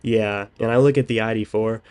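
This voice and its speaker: Low-voiced young man telling a rambling story. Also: fairly even intonation, fairly quick, darkish tone, clear, resonant tone. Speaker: podcast host. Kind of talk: casual chat.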